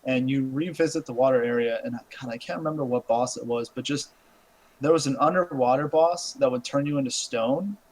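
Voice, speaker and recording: A young man co-hosting a gaming podcast, talking in a laid-back, thoughtful, halting way. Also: medium pitch, darkish tone, rough recording. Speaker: podcast co-host. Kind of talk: casual gaming chat.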